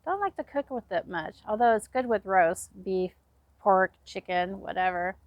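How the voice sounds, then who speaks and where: A woman's voice: medium pitch, expressive, moderate pace, dry recording, lo-fi sound. A woman vlogging from her backyard homestead in a chatty, self-deprecating way, recorded outdoors on a windy day. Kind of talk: casual behind-the-scenes vlog.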